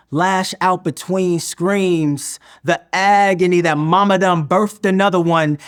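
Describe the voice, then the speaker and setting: A man performing spoken word poetry in a slow, measured, deliberate recitation. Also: sits high, clean tone.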